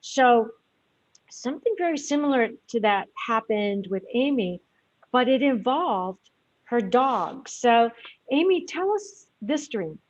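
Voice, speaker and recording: Woman, interview host, higher-pitched, measured explaining, dry close sound, slightly dull audio. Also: animated, dry recording. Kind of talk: radio interview.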